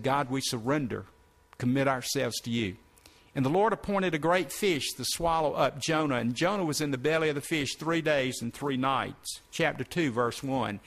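A man's voice: mid-range voice, fairly bright tone. A man preaching, reading scripture aloud and stopping to explain it to his listeners. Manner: reads verses then breaks in to explain. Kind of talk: sermon reading scripture with commentary.

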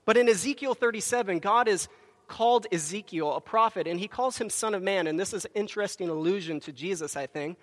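Man, preacher, sermon, high voice, emphatic storytelling, microphone, reverberant church hall. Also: fairly quick. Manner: storytelling with acted quotes, emphatic. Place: church sanctuary.

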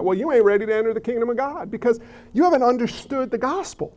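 Male pastor preaching a sermon, high gravelly voice, animated, dull lo-fi sound. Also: fast talker. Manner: animated, repeats words, acts out quoted people. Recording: dull lo-fi recording.

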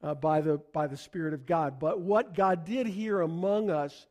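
A man's voice: on the high side, normal speed, a little mellow. A middle-aged man from the United States preaching a sermon in a conversational way, asking the congregation questions. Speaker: pastor.

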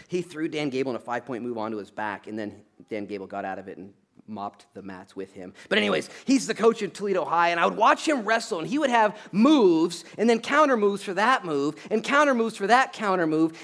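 A man preaching a conversational sermon in an animated, joking way, who drives his points home with a repeated "okay?" and breaks into loud acted-out asides. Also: sits high. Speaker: pastor.

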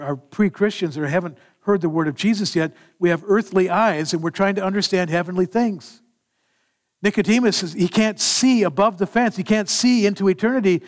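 A man preaching a sermon in an animated manner, acting out scripture dialogue as he explains verses. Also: high voice. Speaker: pastor.

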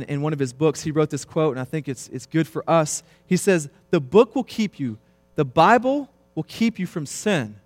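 A man in his thirties preaching a sermon, swinging between quiet, low stretches and loud, emphatic passages. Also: no room sound. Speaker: pastor.

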